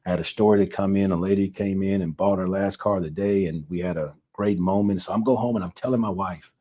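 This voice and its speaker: A man's voice: deep voice, fairly even intonation, quick pace, warm tone. A man, an author and car salesman, earnestly telling a personal story in a casual interview, often repeating words. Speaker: author guest.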